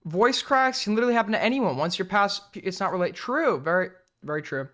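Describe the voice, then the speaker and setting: A man's voice: sits high, animated, quick pace, a bit bright. A young man hosting a casual live stream, rambling and crude, often restarting his sentences. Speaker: streamer host.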